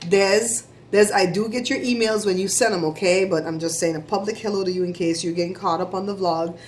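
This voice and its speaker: A middle-aged woman vlogger giving chatty, animated shout-outs to her viewers. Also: mid-range voice, fairly quick, slight background noise. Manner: chatty, animated storytelling with laughs.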